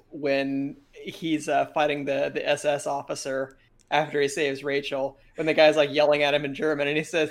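A man co-hosting a podcast in casual chat, dropping dry joking asides. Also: on the high side. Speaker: podcast co-host.

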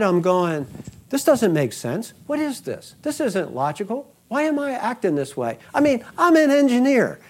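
A man's voice: mid-range voice, darkish tone. A middle-aged man hosting a podcast, retelling another man's account and quoting him at length. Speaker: podcast host. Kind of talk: podcast storytelling.

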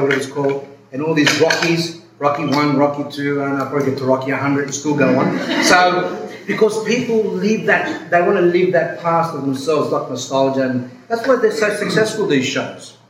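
A man's voice: a little high, a bit bright. A man, an Orthodox priest giving a casual talk, rambling and storytelling with many asides. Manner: rambling, self-interrupting storytelling. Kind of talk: casual spoken talk with questions. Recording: roomy hall, background noise.

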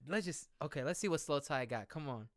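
A man reacting to a new song in a casual, excitable, slangy way, thinking out loud as he listens. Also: on the high side, a little fast, no room sound, studio quality. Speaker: music reaction vlogger. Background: music playing.

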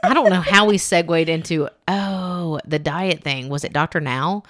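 A woman's voice: fairly low pitch, moderate pace, background noise. A woman in her thirties co-hosting a casual podcast, rambling and self-deprecating and laughing often. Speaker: podcast co-host. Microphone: studio podcast mic.

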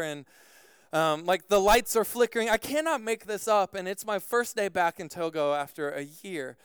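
A man preaching a sermon as pastor, telling a personal story in an animated way with frequent "like" fillers. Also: on the high side, smooth, no room sound, studio quality.

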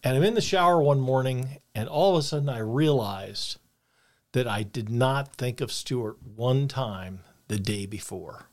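A man's voice: mid-range voice, unhurried. Older man telling a heartfelt story. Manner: earnest, reflective storyteller. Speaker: podcast co-host. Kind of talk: personal storytelling.

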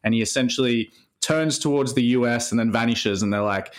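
Male co-host, mid pitch, loose and chatty film banter. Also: moderate pace. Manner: laughing, energetic movie banter. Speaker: podcast co-host. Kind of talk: casual chat.

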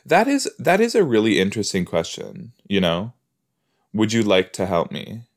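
Watching a TV episode solo, this man hosting a podcast offers casual reactions in a fairly low, very animated voice at a moderate pace. He chats along, chuckles at his own jokes, and tosses off rhetorical asides.

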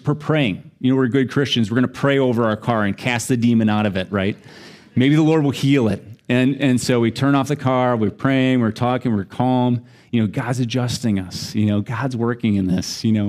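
Male pastor, middle-aged, american, conversational storytelling sermon, mid-pitched voice. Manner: conversational, self-deprecating, laughs while telling stories.

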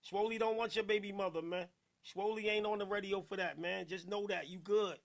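A man hosting a podcast in casual, playful, slangy chat, giving loud shout-outs to listeners. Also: high voice, steady tone, a little fast, gravelly. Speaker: podcast host.

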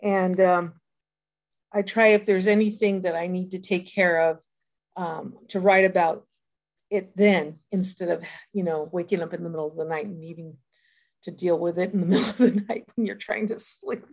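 A woman's voice: on the low side, fairly even intonation, normal speed. An older retired woman sharing her daily habits in a recovery group, in an earnest, reflective way with lots of hesitant fillers. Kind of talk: personal sharing talk.

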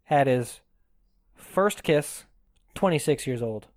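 A man's voice: mid-range voice, lively intonation, slow pace, a little mellow. A man in his twenties, a podcast co-host, telling a rambling comic story in casual banter and acting out the people he quotes. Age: 20s.

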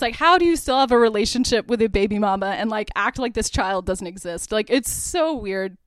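A young woman hosts a podcast, walking through a film's plot in a loose, chatty way. Her voice is smooth and clear, and she keeps dropping "like" as she goes. The sound is dry and close, with no room echo. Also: mid-range voice, fairly quick, hardly any pauses. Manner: chatty, heavy use of "like", laughs while retelling. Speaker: podcast host. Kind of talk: casual movie recap.

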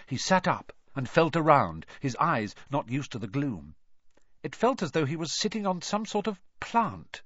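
Guy reading a story aloud, very lively delivery, dull dry lo-fi sound. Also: mid-range voice, measured pace, slightly rough, no echo. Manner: expressive, dramatic. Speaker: audiobook reader. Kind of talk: storybook narration.

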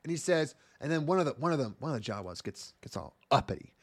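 A man's voice: on the high side, lively intonation, fast. Sarcastic, profane man ranting. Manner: rambling, profane, sarcastic retelling with mocking impressions. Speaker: podcast co-host reviewing anime. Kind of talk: casual comedic chat.

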